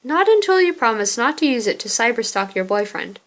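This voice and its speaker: A bossy, protective college girl talks firmly with a teasing edge, read by a woman. The pitch is a bit high. This comes from a fan reading of a story game. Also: very animated, fairly quick, fairly bright tone.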